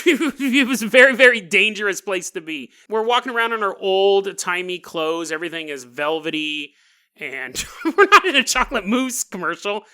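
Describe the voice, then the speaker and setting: A man's voice: high voice, lively intonation, moderate pace, bright, forceful tone, smooth. A male podcast host telling a story in a joking, rambling way, laughing often. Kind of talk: comedic storytelling.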